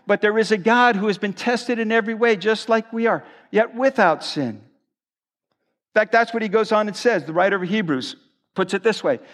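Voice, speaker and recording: Earnest high-voiced male pastor preaching. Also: moderate pace, fairly bright tone. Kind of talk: sermon. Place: church service.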